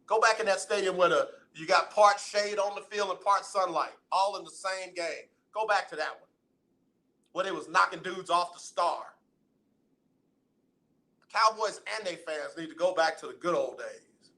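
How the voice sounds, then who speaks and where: A man hosting a sports radio talk show, teasing and preaching to callers in loud, playful banter. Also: high-pitched, normal speed. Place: radio studio.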